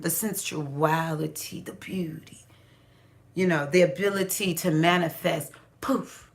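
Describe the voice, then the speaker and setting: A woman tells a personal story to her viewers in a loose, chatty way, full of restarts and fillers. Her voice sits fairly low but sounds bright and forceful. She acts out what others said with sudden jumps in pitch. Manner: animated, laughing, acts out quotes with big pitch jumps. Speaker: astrology vlogger. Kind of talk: casual storytelling monologue.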